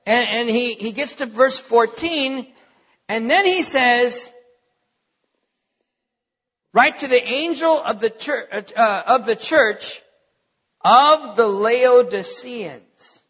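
A man's voice: very high-pitched, slow, pauses often, fairly bright tone, slightly rough. A man preaching a sermon as pastor, emphatic, repeating his points, with many fillers. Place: church sanctuary. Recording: lo-fi with long hall reverb.

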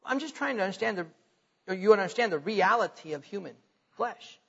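A male pastor with a high, bright, gravelly and slightly rough voice preaches briskly and animatedly, chatting with his congregation and growing forceful as he retells scripture. The muffled, lo-fi recording has a long reverb from the church hall.

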